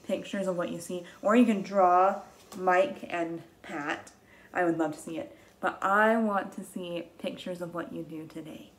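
A young woman teacher reads a picture book aloud to small children at a deliberate, unhurried pace, recorded at home on a webcam. Her voice sits at an ordinary middle pitch. She gasps and stretches her words with exaggerated wonder to keep young listeners with her. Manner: slow, gentle and very expressive, with gasps and exaggerated excitement.

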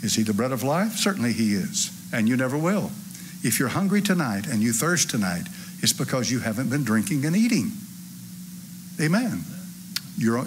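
A man, preaching a sermon to a church congregation in a folksy, animated way with asides to the crowd. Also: mid-range voice, background noise. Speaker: pastor. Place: church sanctuary.

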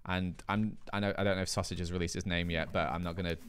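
Brief: British male streamer, playful chatty banter, reads comments, a bit low-pitched. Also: little pitch movement, fast, clear, resonant tone. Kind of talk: live gaming stream, reading chat aloud.

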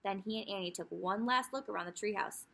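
Teacher lady reading aloud to kids, lively and bright, slight rasp. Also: medium pitch, fairly quick. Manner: expressive, lively storytelling with asides to young listeners. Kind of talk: children's book read-aloud.

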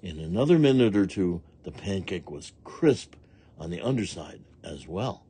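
A man with a low, mellow and slightly husky voice reads a children's storybook aloud. He goes slowly, with a lively, rising and falling melody. The sound is dry and close to the mic. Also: slight background noise. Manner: slow, gentle and expressive. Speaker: storybook reader.

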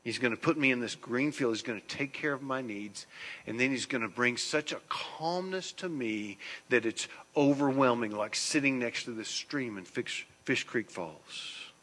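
A man preaching a sermon as pastor, swinging between hushed, slow phrases and loud, emphatic ones. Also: mid-range voice. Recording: long church hall reverb.

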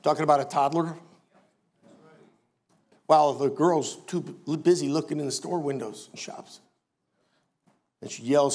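Older male pastor, high-pitched voice, emphatic sermon delivery with dry humor. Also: normal speed, pauses often, a little mellow. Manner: emphatic preaching with wry asides.

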